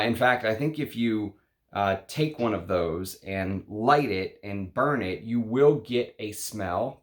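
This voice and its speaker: A man talking casually to his viewers about perfumes, chatty and emphatic, with frequent fillers and restarts. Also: on the low side. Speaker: fragrance reviewer. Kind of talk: casual perfume review monologue.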